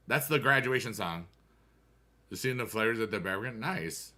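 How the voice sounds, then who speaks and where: Bright-voiced rambling male streamer. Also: lowish voice, lively intonation, moderate pace. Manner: rambling and talkative, chats to viewers while gaming; musical asides, hums tunes. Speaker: livestreamer answering chat. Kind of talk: casual livestream chat.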